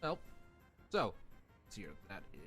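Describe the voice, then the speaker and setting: A man's voice: on the low side, wildly swooping pitch, normal speed, sharp tone, faint music behind. Man narrating as game master. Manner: loose, hedging narration full of "sort of" and "like".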